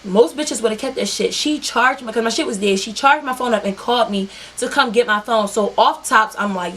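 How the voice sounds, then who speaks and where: Animated, profane young woman storyteller. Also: on the high side, brisk, hardly any pauses, slight background noise. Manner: animated, profane, talking straight to viewers. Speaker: vlogger. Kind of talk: storytime vlog.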